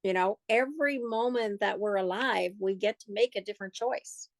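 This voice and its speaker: A woman's voice: medium pitch, moderate pace, no room sound. A woman co-hosting a casual chat, earnest and encouraging as she asks listeners questions. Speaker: co-host.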